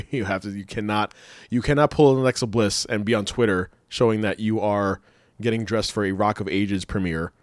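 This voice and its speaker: Laughing, rambling man with a low voice. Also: normal speed, no room sound. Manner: laughs often, rambling, excitable. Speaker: podcast co-host. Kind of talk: casual wrestling chat.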